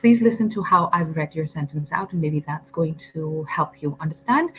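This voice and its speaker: A woman's voice: low-pitched, normal speed, hardly any pauses, a little hiss or hum, rough recording. A woman teaching English on a live stream, chatty and firm, reading out viewer comments with lots of ums.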